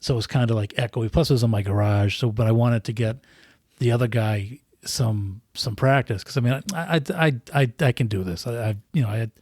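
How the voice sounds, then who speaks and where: A man's voice: medium pitch, a little fast, a little mellow, no room sound, studio quality. A man chatting casually on a podcast, rambling with many restarts and repeated words. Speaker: podcast guest. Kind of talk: casual chat. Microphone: podcast microphone close up.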